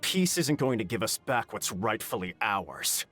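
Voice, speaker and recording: A man's voice: on the low side, sing-song, a little slow, a bit bright, soft background music. An actor playing a smug, cold male conspirator in a video game, dismissive and calculating. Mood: scheming.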